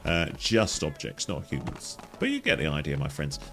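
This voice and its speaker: A gaming guide host narrates a playful game walkthrough, joking around and chatting with the characters in silly voices as he plays. His gravelly, slightly bright male voice leaps high in pitch with huge swings, moving at a moderate pace over soft background music.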